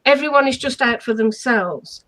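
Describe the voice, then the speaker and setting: A woman's voice: fairly high pitch, moderate pace, low-quality recording. A woman co-hosting a self-help live stream, speaking in an emphatic, affirming way over a video call. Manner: emphatic, affirming, animated delivery.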